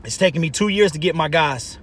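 Quiet sincere coach, man, vlogger puts him on low and soft, bright edge. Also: a little fast, breathy edge. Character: calm, sincere middle-aged male football coach.

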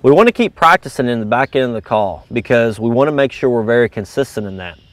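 Guy coaching ya through it step by step, easygoing, normal pitch, dry no-room sound. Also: animated, fast talker, no echo. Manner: casual, coaching, explains step by step. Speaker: goose calling instructor. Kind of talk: instructional video lesson.

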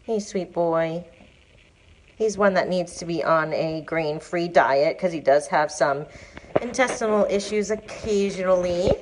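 Low-voiced woman cooing at shelter cats. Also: a little hiss or hum. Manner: coos to the cats in a high sing-song voice between plain explanations. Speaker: animal shelter manager. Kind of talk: live-streamed shelter tour. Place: cat room of an animal shelter, indoors.

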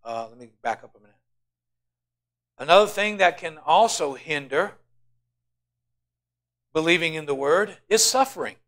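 Preacher guy, slightly high voice, goes quiet then booms, gets the church to say it back. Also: expressive, moderate pace, long pauses. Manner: preaching with call-and-response, swinging from soft asides to loud emphasis. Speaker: pastor. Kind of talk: sermon.

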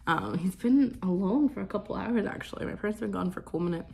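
A woman's voice: medium pitch, fast talker, creaky, warm tone. A woman in her twenties chatting casually in a vlog, rambling with many fillers and cooing to her pet. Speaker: vlogger.

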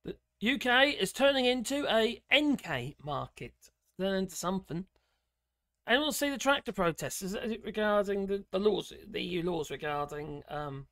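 A man hosting a livestream, chatting casually and excitably with viewers and reading the comments. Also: fairly high pitch, creaky, no room sound, studio quality. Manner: excitable, exclaims often, rambling. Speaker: livestream host.

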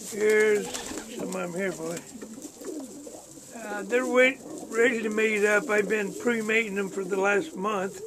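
A man giving a casual, easygoing vlog tour of his pigeon loft, chatting to the camera and coaxing his birds. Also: high voice. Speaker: pigeon breeder vlogger. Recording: noisy loft with birds cooing.

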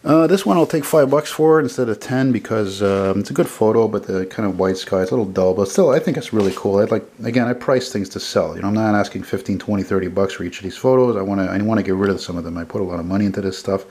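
A man's voice: fairly low pitch, a little mellow. Enthusiastic man in his forties. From Montreal, Canada. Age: 40s. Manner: rambling and enthusiastic, quick with self-corrections. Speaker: photographer selling his car prints. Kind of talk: casual sales walkthrough.

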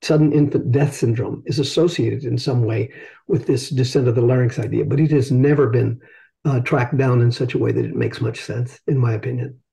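Older man explaining thoughtfully, mellow voice. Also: medium pitch, fairly even intonation, a little fast, creaky. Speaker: invited speaker answering questions. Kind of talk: discussion after a talk.

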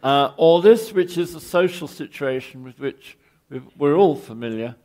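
A man's voice: on the high side, lively intonation, moderate pace, a little mellow. An older English man giving an anecdotal architecture lecture, wry and rambling, often restarting his phrases. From England.

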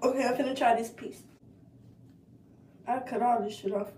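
A woman's voice: a little high, fairly even intonation, moderate pace, darkish tone, a little hiss or hum. A young woman, ranting in a casual comedic vlog, swearing and exasperated. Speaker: vlogger. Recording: roomy echo, heard from a distance.

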